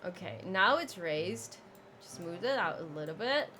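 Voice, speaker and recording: A woman's voice: on the low side, lively intonation, a little slow, sharp tone, slight background noise. A woman streaming a zoo-building game live, chatting, exclaiming in frustration, laughing and thanking viewers by name. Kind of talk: live gameplay stream chat.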